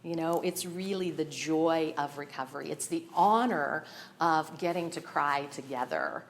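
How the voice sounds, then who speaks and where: A woman's voice: low voice, a little slow, slight background noise. Nervous, laughing woman sharing her story. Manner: nervous, laughs often, candid and emotional. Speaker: speaker at a recovery meeting. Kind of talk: personal recovery share.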